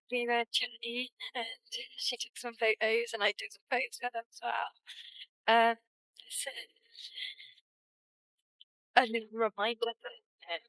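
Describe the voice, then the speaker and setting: A young woman vlogging casually on a mountain trail, talking in a hushed, often half-whispered, chatty way into a handheld camera. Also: fairly high pitch, no echo, rough recording. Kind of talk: casual vlog narration to camera. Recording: windy outdoor noise. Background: wind.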